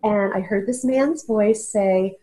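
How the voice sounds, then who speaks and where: A woman's voice: medium pitch, slow pace, mellow, poor audio. Earnest woman telling her story. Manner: earnest, searching, restarts mid-sentence. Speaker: interview guest. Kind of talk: casual interview talk. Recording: audio-only interview.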